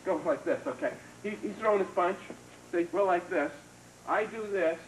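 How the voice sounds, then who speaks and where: The recording, a noisy 1990s video from an echoey training hall with a far-off mic, captures a karate instructor at a hands-on seminar. Speaking at normal speed in a high-pitched voice, he casually demonstrates moves and praises students briefly.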